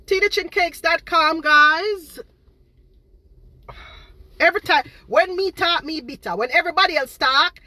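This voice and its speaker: A woman speaks straight to her viewers on a live stream, exasperated, repeating her points over and over. Her voice sits a little high and sounds bright and forceful. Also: lively intonation, normal speed, no room sound. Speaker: home baker and online seller.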